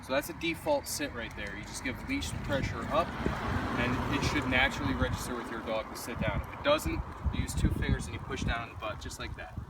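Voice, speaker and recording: A man's voice: mid-range voice, gravelly. A man working as a dog trainer, giving a matter-of-fact, instructive demonstration outdoors while walking a dog. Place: outdoors on a street walk. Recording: distant outdoor camera audio, traffic noise. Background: passing vehicles and street ambience.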